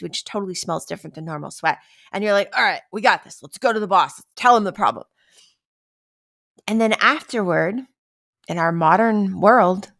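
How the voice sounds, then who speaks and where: A woman's voice: medium pitch, a bit bright. A woman hosting a podcast in a casual, conversational way, acting out everyday stress scenes and often asking "right?". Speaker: podcast host. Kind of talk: casual wellness talk.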